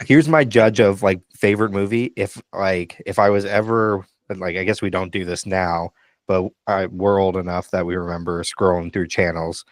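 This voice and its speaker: A middle-aged man, a pastor, chatting casually on a podcast over a video call, relaxed and hesitant with frequent ums. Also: low-pitched, normal speed, no echo. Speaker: pastor and co-host.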